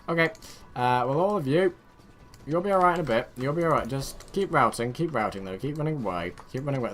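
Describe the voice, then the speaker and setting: A man commentating his own strategy game play, excitable, barking orders at his units and muttering to himself. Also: medium pitch, slight background noise. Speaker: let's play host. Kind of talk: gameplay commentary.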